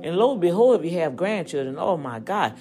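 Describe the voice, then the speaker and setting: A woman with a fairly low voice hosts a casual, preachy podcast. She swings between high, fired-up exhortation and low, quiet asides. Faint music plays under her. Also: big pitch swings, fairly quick. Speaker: podcast host.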